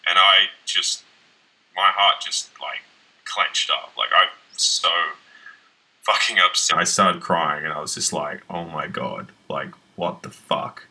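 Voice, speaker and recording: A man's voice: low voice, measured pace, pushed and bright, heavily acted, low-quality recording. An actor playing a young man on a date, telling a rambling, profane story about his wrecked room. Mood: rueful. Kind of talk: conversational web-series acting.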